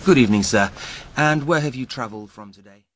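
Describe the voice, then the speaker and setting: A man's voice: mid-range voice, quick pace, fairly bright tone, slight background noise. Polite man as immigration officer. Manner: formal, polite. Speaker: actor in an airport dialogue. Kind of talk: scripted dialogue.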